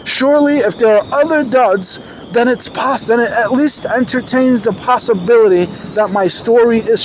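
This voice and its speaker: High-voiced excited storytelling man. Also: slight background noise. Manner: excited, emphatic, acts out quoted dialogue. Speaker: vlogger telling a personal story. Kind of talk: animated storytelling.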